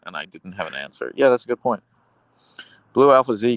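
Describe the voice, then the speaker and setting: Low gravelly dude on a phone livestream from his outdoor couch, wry, rambly, reads chat out loud. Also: animated, fairly quick, dry recording. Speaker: live streamer. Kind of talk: casual live-stream chat.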